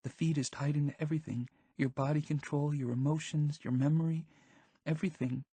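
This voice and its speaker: A man voicing an anxious, sharp-tongued teenage girl in an audiobook, talking fast and pleading. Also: fairly high pitch, fairly even intonation, husky, no room sound, voice pushed up. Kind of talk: audiobook character voice.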